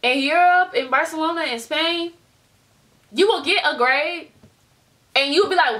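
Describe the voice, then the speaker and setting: Recorded on a desk webcam, this young adult woman from the United States has a high-pitched voice, talks a little slowly and pauses often. Her casual vlog is an animated rant full of stories, with impressions of other people.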